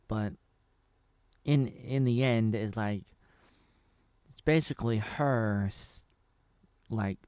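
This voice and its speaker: 30s guy from the us rambling through a show review, lowish voice, dry close mic. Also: darkish tone, clear, resonant tone, dry recording. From United States. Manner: rambling, full of fillers and asides. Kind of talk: casual spoken review.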